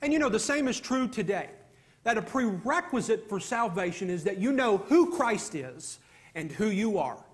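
A man's voice: sits high, big pitch swings, moderate pace. A man preaching an earnest sermon, emphatic and given to repeating himself.

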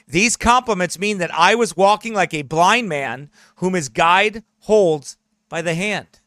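A man's voice: high voice, unhurried, bright, forceful tone, dry recording, studio quality. A man who is a pastor, preaching a sermon in an earnest, emphatic way and reading aloud from a memoir.

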